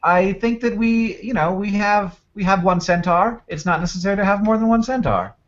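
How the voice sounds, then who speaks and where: A man hosting a live stream, chatting casually in a halting, joking way. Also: high voice, muffled recording. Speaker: host.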